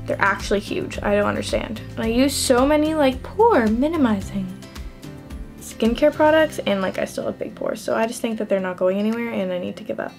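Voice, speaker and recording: A woman's voice: a little high, animated, a little fast, creaky, darkish tone, soft background music. A young adult woman chatting through a makeup routine, self-deprecating and filling her talk with "like". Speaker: beauty vlogger. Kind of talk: casual makeup tutorial chat.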